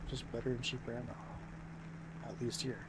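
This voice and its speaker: A man's voice: mid-range voice, little pitch movement, moderate pace, background noise. A young American man streaming and chatting casually, rambling with many fillers and restarts. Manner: rambling, filler-heavy, self-interrupting.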